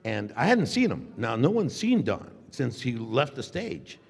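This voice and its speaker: An older man telling an animated anecdote on a convention panel, acting out dialogue and laughing often. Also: mid-range voice, unhurried, gravelly, husky. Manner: acts out dialogue with shifting voices, laughs often. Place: large convention hall. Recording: long hall reverb.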